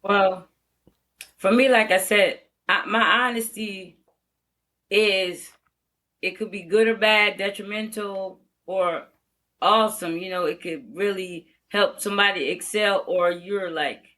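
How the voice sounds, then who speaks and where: Blunt, bright-voiced older woman. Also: medium pitch, steady tone, measured pace. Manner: blunt, frank, laughs easily. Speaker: veteran educator, podcast guest. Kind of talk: candid interview talk.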